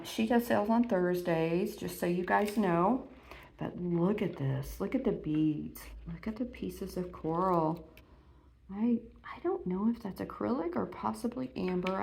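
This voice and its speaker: A woman's voice: on the low side, gravelly. A middle-aged woman, chatting casually through an unboxing, gushing and full of ums, close to tears at times. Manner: warm and gushing, many ums, emotional near tears. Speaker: vintage reseller vlogger.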